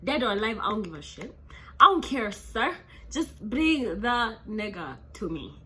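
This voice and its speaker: A woman putting on a loud, impatient government official who demands a wanted man be brought in. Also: on the low side, flat delivery, a little slow, slight background noise.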